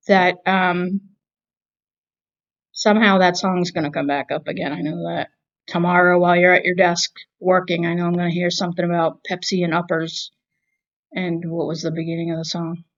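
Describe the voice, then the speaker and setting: Boston woman co-host, lower voice, wry rambling delivery, muffled home recording. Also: little pitch movement, normal speed, long pauses. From Massachusetts. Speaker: podcast co-host. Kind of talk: casual movie review chat.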